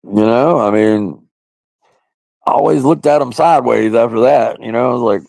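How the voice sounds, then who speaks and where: A man's voice: mid-range voice, normal speed, warm tone, no room sound. A man hosting a casual livestream, chatting loosely and crudely with viewers and often laughing. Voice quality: gravelly. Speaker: livestream host. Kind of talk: casual live-stream chat with viewers.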